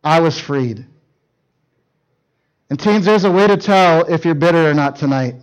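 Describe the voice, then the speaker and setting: High-voiced storytelling male preacher. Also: a little slow, rough recording. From northern Minnesota. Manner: animated, shifts from hushed to loud shouting in stories. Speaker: youth speaker. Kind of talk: storytelling sermon.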